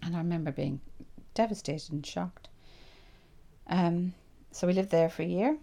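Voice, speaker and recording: An Irish woman in her sixties recalls her past for an interviewer. Her low voice is warm and mellow with a gravelly edge. She tells her stories in a lively way, voicing the thoughts she had back then. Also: moderate pace. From Ireland. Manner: animated storyteller who acts out her own past thoughts. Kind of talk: reflective personal storytelling.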